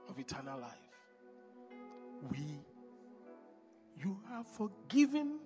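A man preaching a sermon with sung worship, impassioned, swinging between hushed and loud lines. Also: high voice, very animated, slow pace, soft background music. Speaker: pastor.

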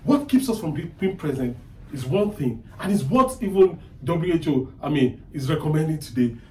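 A male pastor preaching with a high, lively voice that climbs and drops a lot. He hammers home his points by repeating short phrases. He sounds a bit far from the mic in a room with a strong echo. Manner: emphatic preaching with repeated phrases and long pauses. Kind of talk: sermon.

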